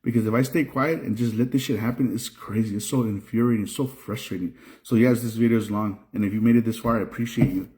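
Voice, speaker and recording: Frustrated trucker man, dark mellow voice. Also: on the low side, steady tone, fast talker. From Mexico. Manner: frustrated, repeats himself, restarts phrases. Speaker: trucker and video creator. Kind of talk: casual vlog rant.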